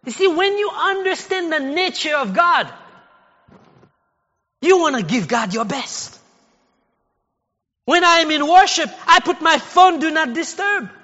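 High, bright-voiced male pastor preaching in an echoey hall. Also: animated, unhurried, pauses often, lo-fi sound. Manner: conversational preaching, rising to shouted exhortation. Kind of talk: sermon. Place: church sanctuary.

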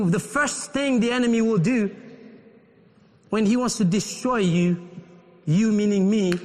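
A man preaching a sermon as pastor in a church, fervent and climbing into shouted pleas. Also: very high-pitched, long reverb tail.

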